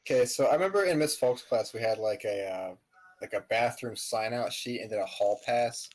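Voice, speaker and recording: A man's voice: mid-range voice, fairly quick, a little mellow. A young man in casual podcast chat, recalling school memories and laughing often. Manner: chatty, laughs while recalling stories. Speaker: podcast co-host.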